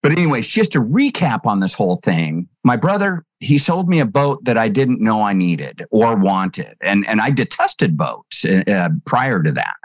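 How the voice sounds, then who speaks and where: A man's voice: moderate pace, hardly any pauses, no echo, clean studio sound. A middle-aged man telling a story as a podcast guest, acting out the dialogue and often repeating words as he goes. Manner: acts out dialogue with lively shifts in pitch. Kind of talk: animated storytelling.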